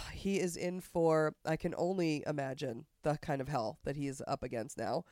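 A man co-hosting a podcast, chatting casually and profanely about politics in a rambling, animated way. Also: fairly high pitch, moderate pace, no echo, clean studio sound. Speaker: podcast co-host.

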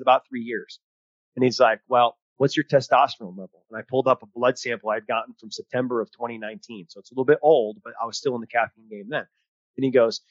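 A man's voice: medium pitch, a bit bright, no room sound, lo-fi sound. A man co-hosting a podcast as a mental performance coach, chatting casually with energy and frequent restarts.

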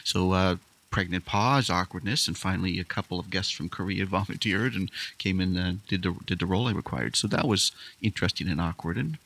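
A man with a very low voice talks quickly and warmly through his stories. He is a guest on a casual podcast. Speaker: podcast guest, public speaking club leader.

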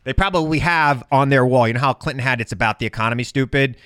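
A man from New York hosting a casual political podcast chat, jokey and quick to laugh. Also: mid-range voice, clean tone, no room sound, clean studio sound. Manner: jokey, animated, laughs often. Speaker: podcast host.

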